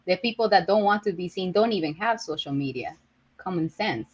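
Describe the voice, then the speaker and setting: A woman argues her view in a casual group discussion, building her point step by step. Her voice is slightly husky. The recording sounds dull and lo-fi. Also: on the low side, expressive, a little fast.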